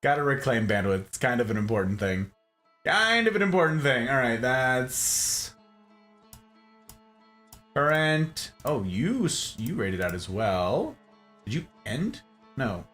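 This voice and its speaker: A male game streamer whose pitch swings widely as he banters with his chat, laughing often and talking in a loose, casual way. His voice has a bright, forward edge, with faint music playing underneath. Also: sing-song, measured pace, long pauses.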